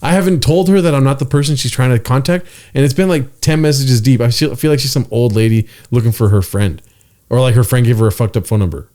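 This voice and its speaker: A man's voice: mid-range voice, quick pace, a little mellow. A man co-hosting a podcast in casual chat, crude and teasing, swearing freely.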